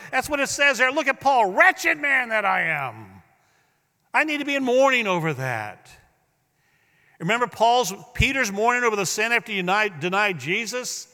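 A man preaching a sermon as pastor, swinging between hushed, drawn-out words and loud, emphatic bursts. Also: fairly high pitch. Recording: long hall reverb.

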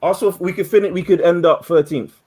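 A man hosting a football podcast, relaxed and wry. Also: high-pitched, fast talker, background noise. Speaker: podcast host. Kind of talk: casual football chat.

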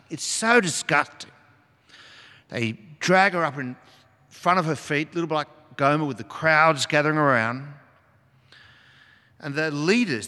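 A man's voice: fairly high pitch, sharp tone. An older man preaching a sermon as pastor, telling the story dramatically with sudden emphatic rises. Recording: long hall reverb.

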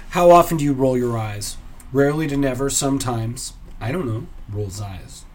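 A man's voice: mid-range voice, normal speed, darkish tone, slight background noise. Dry, self-mocking man musing aloud. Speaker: podcast host. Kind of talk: solo comedy podcast, casual musing.

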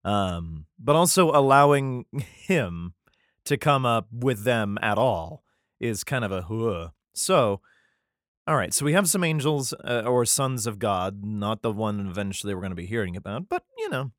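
Guy rambling about bible stuff, lots of um and laughs, swears, pitch jumps around. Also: expressive, unhurried, a bit bright, no room sound, studio quality. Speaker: reader commenting on scripture. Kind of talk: casual reading and commentary.

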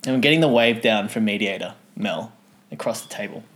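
A man co-hosting a chat show, telling an animated anecdote and often laughing. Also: fairly low pitch, a little fast. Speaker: podcast co-host. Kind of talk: casual storytelling chat.

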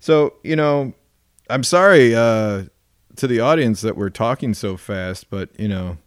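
A man's voice: mid-range voice, a little slow, clean tone, no echo, studio quality. A man co-hosting a casual podcast, joking and swearing often, with frequent laughter. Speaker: podcast co-host.

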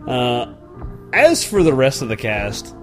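A man's voice: mid-range voice, sing-song, slow pace, faint music behind. A man from North Texas co-hosting a casual beer podcast, rambling and swearing as he laughs along. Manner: rambling, profane, laughing often. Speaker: podcast co-host.

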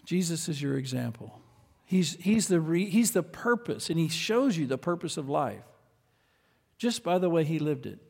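A man delivers a sermon with earnest conviction, dropping to quiet asides and then rising to loud, emphatic lines. His voice sits a little high for a man. A long reverb from a large hall trails behind every phrase. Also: very animated, moderate pace, creaky, breathy edge. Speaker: preacher.

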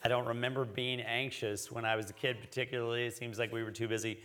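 A man, an associate pastor, preaching a conversational sermon, joking with the congregation and rising louder when he reads scripture. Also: mid-range voice, level tone, quick pace.

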